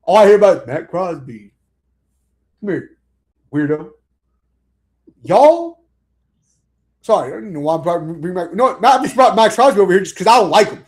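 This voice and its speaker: A man's voice: sits high, quick pace, darkish tone. A man co-hosting a casual sports chat, barking orders at players in a mock drill-sergeant manner. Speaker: podcast co-host.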